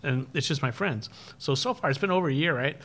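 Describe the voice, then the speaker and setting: A man's voice: on the high side, lively intonation, a bit bright. Swearing, laughing graffiti artist man. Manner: profane, laughs often, rapid bursts. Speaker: graffiti artist and live-stream host. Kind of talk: casual podcast chat, storytelling.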